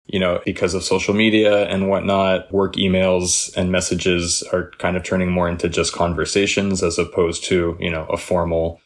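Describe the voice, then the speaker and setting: A man from the United States, a guest on a podcast, chatting in a relaxed, hesitant way with frequent fillers. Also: deep voice, moderate pace, few pauses. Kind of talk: casual chat.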